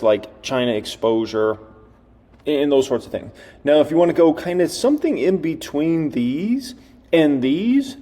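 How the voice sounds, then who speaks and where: A man runs through market talk in a loose, chatty way, tossing out questions and answering them himself. His voice is mellow and relaxed. A long reverb trails behind it. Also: mid-range voice. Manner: chatty, asks rhetorical questions. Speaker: investing YouTuber. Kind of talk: casual market commentary.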